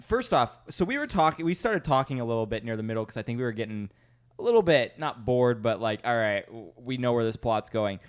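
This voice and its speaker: A man's voice: mid-range voice, animated, brisk, smooth. A man hosting a podcast, joking his way through a rambling casual movie recap. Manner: joking, rambling plot summary. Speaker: podcast host.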